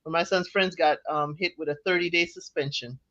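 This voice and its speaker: A man co-hosting a casual podcast chat, speaking in a measured, reflective way about parenting. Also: a little high, steady tone, bright, forceful tone, dull audio. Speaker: podcast co-host.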